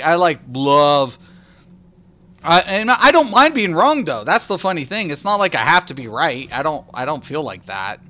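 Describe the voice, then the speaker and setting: Rambling through casual chat on a game stream, this man has a fairly high, bright, forceful voice. He swears, breaks into frequent laughter, and does impressions of others as he recounts stories.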